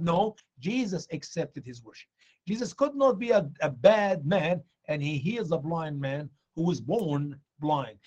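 A man's voice: moderate pace, highs cut off. A man teaching from the Bible with great energy, acting out the people in the story in raised voices. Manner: excitable, acts out dialogue in high voices. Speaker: guest preacher. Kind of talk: animated evangelistic teaching.

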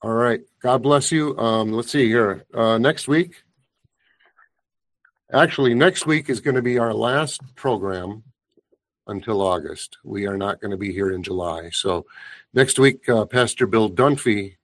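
A man with a fairly low voice hosting a talk show. He chats with his guest in a relaxed, plain-spoken way and wraps up the segment with announcements for listeners. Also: a little slow.

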